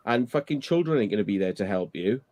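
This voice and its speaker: A man's voice: lowish voice, lively intonation, quick pace, darkish tone. A man in a casual chat, ranting sarcastically and swearing often.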